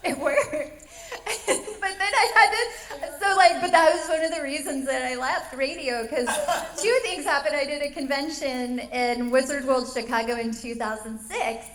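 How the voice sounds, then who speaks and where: A woman's voice: sits high, normal speed, reverberant. A woman, a voice actor and former radio DJ, telling stories in a casual panel chat, often laughing as she talks. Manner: laughing, animated storytelling.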